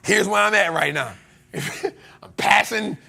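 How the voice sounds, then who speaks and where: A man's voice: high voice, measured pace, gravelly, pushed and bright. A man, the host of a show, telling a story in a casual, slangy way and laughing often. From United States.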